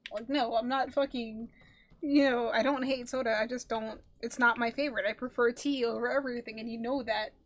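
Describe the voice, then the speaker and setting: Young woman, from manhattan, slightly high voice, chatty, teasing, laughs a lot, headset mic, casual game stream. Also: steady tone, a little hiss or hum. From New York, Manhattan. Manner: chatty, teasing, quick to laugh, reads chat aloud. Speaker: streamer co-host.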